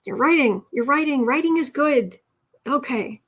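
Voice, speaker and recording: A woman hosting a casual writing livestream, chatty and thinking out loud as she teaches and reads chat messages. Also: high voice, animated, moderate pace.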